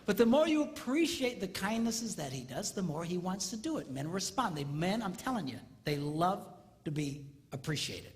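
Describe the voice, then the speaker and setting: A man giving a comedic seminar talk on marriage, animated and mimicking squealing women in falsetto. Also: moderate pace. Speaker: comedic relationship speaker. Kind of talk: stand-up style seminar talk. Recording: live hall, faint ambience.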